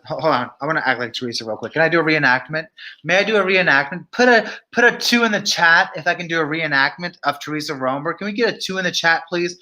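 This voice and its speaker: A man's voice: fairly high pitch, bright, forceful tone. A man giving casual, sassy gossip commentary to his viewers, chatty and talking straight to the live chat. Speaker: vlogger.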